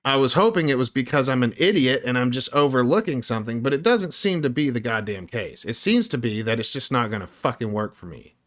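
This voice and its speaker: A man's voice: mid-range voice, animated, a little fast, few pauses, fairly bright tone. A man who develops indie games, chatting casually on a livestream as he works, ranting in frustration and swearing heavily. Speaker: indie game developer streaming his work. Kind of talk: casual livestream chat while working.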